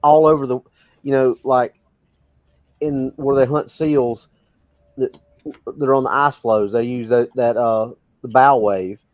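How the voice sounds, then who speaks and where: A man co-hosting a paranormal podcast, making his case in an animated, argumentative way. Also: mid-range voice, measured pace, pauses often, no echo. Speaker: podcast co-host. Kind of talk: casual group chat.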